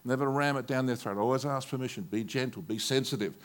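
A man's voice: medium pitch, moderate pace. An older man with an Australian accent, a pastor preaching a sermon and telling stories from his own life. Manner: storytelling, rising to forceful preaching.

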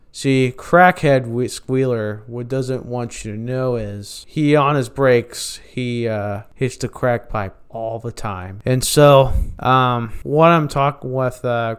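A man telling a casual story about a former workplace, rambling and halting with many fillers and restarts. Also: mid-range voice, clear, resonant tone. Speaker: storyteller, former fast-food worker.

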